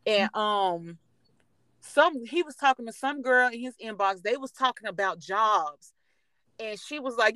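A woman's voice: a little high, expressive, measured pace, fairly bright tone, no room sound. A woman in her twenties, a podcast host, telling stories in casual chat, blunt and profane, acting out what others said. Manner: profane, blunt, vents with quoted dialogue.

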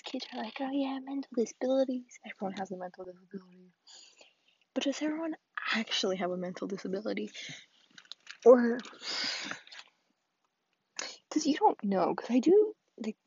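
A woman's voice: mid-range voice, warm tone, slightly rough, highs cut off. A young woman hosting a solo podcast, rambling and self-deprecating, often dropping into a whisper. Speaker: podcast host.

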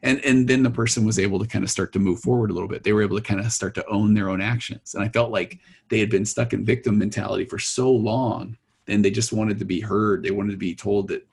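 A man's voice: on the low side, fairly even intonation, fast, creaky, breathy edge. A middle-aged man, a therapist, telling stories from his practice in casual conversation and acting out his clients' voices.

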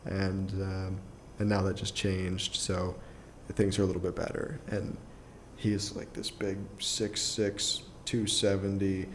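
A young adult man, a podcast guest, telling a personal story in a casual, rambling way full of fillers and quick chuckles. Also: deep voice, little pitch movement, slight background noise. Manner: rambling, filler-heavy, restarts often, chuckles through his story.

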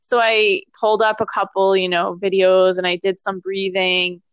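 A woman's voice: medium pitch, little pitch movement, moderate pace, clear, resonant tone, no echo, lo-fi sound. Woman, podcast host, casual storytelling, laughs often, dry close sound. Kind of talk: casual conversational interview.

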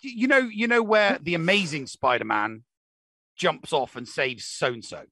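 A man's voice: on the high side, unhurried, pushed and bright, breathy edge, no echo. A man co-hosting a casual podcast chat, stammering through many false starts and repeated words. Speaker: podcast co-host.

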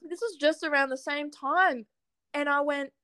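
Giggly young woman, high voice. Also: normal speed, pushed and bright, no room sound. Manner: chatty, giggly, lots of fillers. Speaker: musician guest. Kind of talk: casual interview chat.

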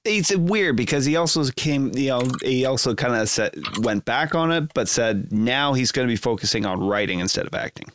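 Chatty man with a lively pitch. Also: moderate pace, hardly any pauses. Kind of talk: casual chat.

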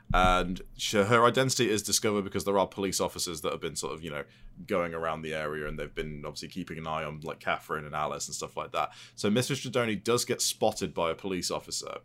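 A man's voice: sits low, fairly bright tone. A man co-hosting a podcast, recapping a film plot in casual, profane and jokey chat. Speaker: podcast co-host.

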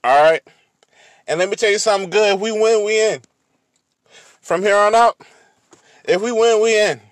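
A man hosting a podcast, talking slowly and repeating his catchphrase. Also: high-pitched, dry recording, clean studio sound. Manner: slow, repetitive catchphrase delivery. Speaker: podcast host. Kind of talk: casual podcast talk.

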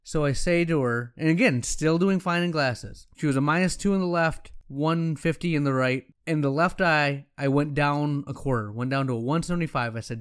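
A man tells a story in a casual, frank way. His voice is smooth and clear and sits a little high for a man. He slips into quoting himself and his patients. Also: normal speed, few pauses. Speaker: optometrist and practice owner.

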